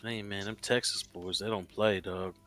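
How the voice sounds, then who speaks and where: Lively low-voiced man telling jokey stories. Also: normal speed, soft background music. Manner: jokey storytelling, swears freely, laughs at himself. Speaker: streamer. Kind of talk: casual chat.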